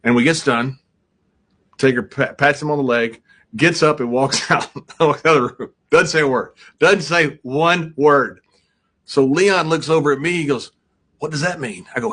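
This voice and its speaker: A man's voice: on the high side, moderate pace. A man casually telling a funny story, laughing and acting out what others said. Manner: animated, laughing storyteller who acts out quotes. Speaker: storyteller guest.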